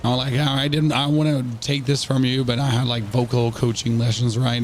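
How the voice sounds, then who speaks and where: A man livestreaming a game with a hoarse, sick voice. He rambles and jokes straight to his viewers, often stammering and restarting his sentences as he goes. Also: medium pitch, little pitch movement, normal speed, few pauses, a little hiss or hum. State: hoarse from illness. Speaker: streamer. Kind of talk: live gameplay commentary.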